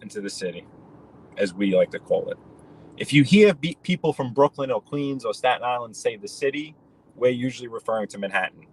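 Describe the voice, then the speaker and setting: A man's voice: medium pitch, lively intonation, a little fast, darkish tone, slight background noise, rough recording. Casual New male streamer, rambling chat while he drives, mid-range voice. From New York. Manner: rambling, chatty, addresses viewers by name. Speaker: live-stream host. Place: in a car.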